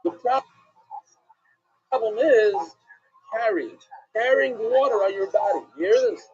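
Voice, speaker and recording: Man, rabbi teaching Talmud, high voice, very raspy, dull lo-fi stream audio. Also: measured pace. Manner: animated, asks and answers his own questions. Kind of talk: live-streamed Talmud class.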